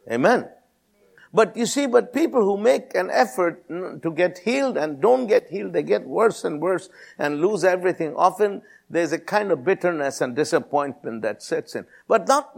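A man's voice: high voice, gravelly. A man preaching a sermon in an emphatic, repetitive style, calling out to his listeners.

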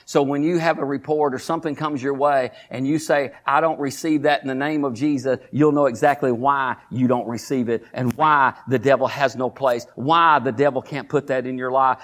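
Preacher guy, high voice, gets loud and shouty, lots of repeating. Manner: builds from low conversational teaching to loud, shouted preaching; repetitive, call-and-response. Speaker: pastor. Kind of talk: sermon.

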